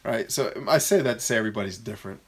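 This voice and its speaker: A man coaching viewers in a casual live-stream Q&A, reading their comments aloud and answering bluntly with jokes. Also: husky. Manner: mocks shrill voices in quick bursts.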